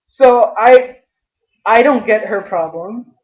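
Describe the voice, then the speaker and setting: A young adult woman venting in a personal vlog, frustrated and halting, often restarting her sentences. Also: on the high side, a little mellow. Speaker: vlogger. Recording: dull lo-fi webcam audio.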